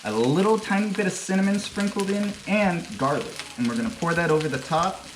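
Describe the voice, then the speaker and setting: Expressive and brisk, a male host with a voice that sits high runs a laid-back home cooking demo, talking crudely and going off on joking, rambling tangents. Faint music plays in the echoey kitchen, and the background is noisy.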